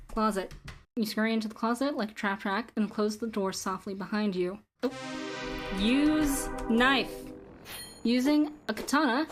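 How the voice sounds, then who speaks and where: A woman with a fairly high voice streams a text adventure game. She reads the game's narration in an even, deliberate way and reacts with sudden swearing. Soft music plays quietly behind her. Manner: swears in frustrated outbursts.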